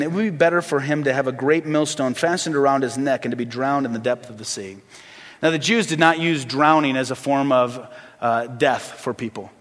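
A man preaching a sermon as pastor, swinging between loud emphasis and hushed, earnest asides. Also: on the high side, long reverb tail.

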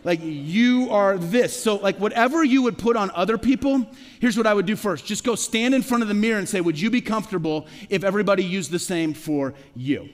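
In a church sanctuary, a middle-aged pastor with a high voice preaches a sermon conversationally, using rhetorical questions and quick stammered restarts. The recording carries the long reverb of a large hall.

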